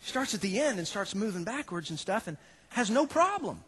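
A man, preaching a sermon in an animated storytelling way that swings from loud preaching to quiet asides. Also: high-pitched, fairly quick, breathy edge. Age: 30s. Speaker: pastor.

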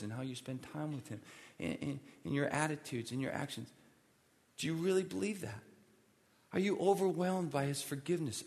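Gravelly-voiced pastor preaching in an echoing hall. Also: male voice, fairly high pitch. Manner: emphatic, pleading, repeats for emphasis. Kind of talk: sermon. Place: church sanctuary. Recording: long reverb of a large hall.

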